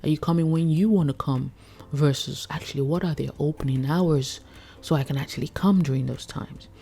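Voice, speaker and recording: Deep, warm, and gravelly with a breathy edge, this woman's voice moves briskly as she coaches food business owners. The chef keeps it chatty and casual, frequently laughing and impersonating her customers in a relaxed teaching style.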